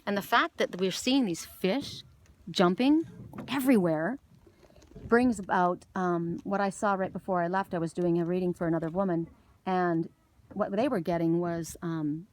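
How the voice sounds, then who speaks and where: A woman from Canada giving an oracle card reading outdoors by the water, telling a story in a rambling, animated way with many restarts. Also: fairly low pitch, moderate pace. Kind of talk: casual spiritual message. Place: outdoors by water with jumping fish.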